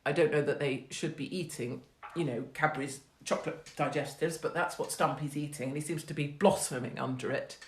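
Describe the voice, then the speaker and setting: A woman's voice: deep voice, a little fast, roomy sound. A woman in her forties hosting a rambling, casual monologue, blunt, profane and sarcastic. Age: 40s. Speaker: host.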